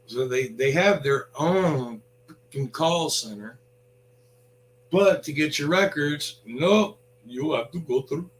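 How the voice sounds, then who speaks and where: Slow-talking, profane, ranting man. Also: a little high, animated, low-quality recording. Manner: blunt, sarcastic, swears freely. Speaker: vlogger.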